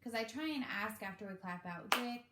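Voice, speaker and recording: A chatty woman teacher explaining classroom activities to parents in an easy, rambling way. Her voice sits at an ordinary pitch and bounces around an echoey room at home. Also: a little fast, heavy background noise. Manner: chatty, relaxed, with many fillers. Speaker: kindergarten teacher. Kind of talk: casual instructional talk to parents.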